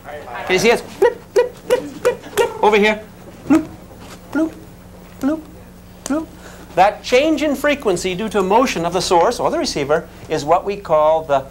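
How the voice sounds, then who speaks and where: A man teaching a physics class in an animated, folksy way, calling students "gang". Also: high voice, slight background noise. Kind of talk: classroom lecture.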